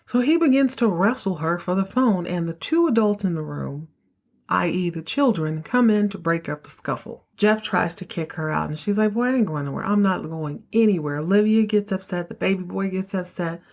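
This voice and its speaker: A woman hosting a podcast, recapping a TV episode in a casual, animated, opinionated way with lots of slang. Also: lowish voice, normal speed. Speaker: podcast host.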